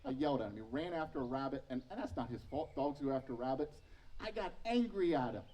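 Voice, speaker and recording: A man's voice: medium pitch, expressive, fast, dark tone, recorded from a distance, lo-fi sound. A man in his thirties preaching a sermon as pastor, telling personal stories with self-mocking humor. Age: 30s.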